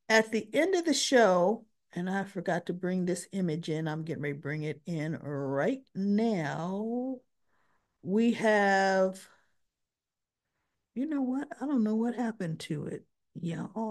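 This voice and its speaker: A woman's voice: mid-range voice, a little mellow. A woman vlogger casually retelling a TV episode, chatty and talking to herself as she searches her files. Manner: chatty, talks to herself while looking for files. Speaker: soap opera recap vlogger.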